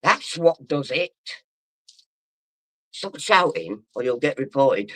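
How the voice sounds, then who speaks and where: A man's voice: on the high side, lively intonation, slow, fairly bright tone, dry recording. A drunk man rambling and swearing as he chats on a livestream and reads out comments. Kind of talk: casual livestream chat, reading comments.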